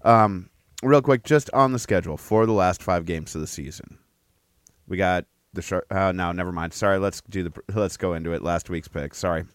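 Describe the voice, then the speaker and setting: Casting: low, smooth-voiced man, easygoing hockey podcast co-host, dry close mic. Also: moderate pace, no echo. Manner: loose and self-correcting. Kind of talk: casual sports chat.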